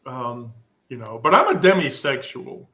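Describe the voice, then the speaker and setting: A man in a casual group chat, candid and blunt, often laughing loudly. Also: medium pitch, lively intonation, normal speed.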